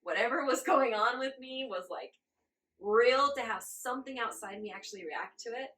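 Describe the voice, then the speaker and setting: A woman in her forties, a guest in an interview, telling her story in a lively way, laughing often and acting out her own reactions. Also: on the high side, normal speed. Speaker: guest channeler.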